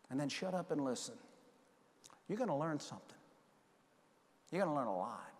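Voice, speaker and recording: A middle-aged man giving a conference keynote, telling a story and acting out the dialogue with lively energy. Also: on the high side, moderate pace, long pauses. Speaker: keynote speaker. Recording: long hall reverb.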